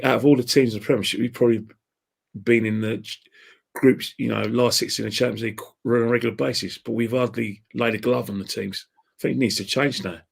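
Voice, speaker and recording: A man with a creaky, mid-range voice and a breathy edge appears as a podcast guest. A football fan, he chats casually, rambling and opinionated, laughing at his own jokes.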